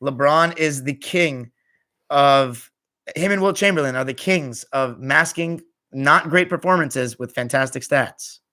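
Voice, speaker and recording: Tired young man, bright casual chat. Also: medium pitch, unhurried. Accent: American. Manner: tired, offhand, trails off quietly at phrase ends. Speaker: podcast host reading live chat. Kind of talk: casual live-stream chat.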